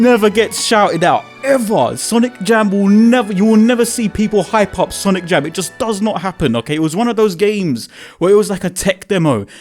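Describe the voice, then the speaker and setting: Animated young man. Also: sits high. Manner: animated, swearing, British slang, reacts in loud quoted exclamations. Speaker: video creator. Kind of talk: excited casual storytelling.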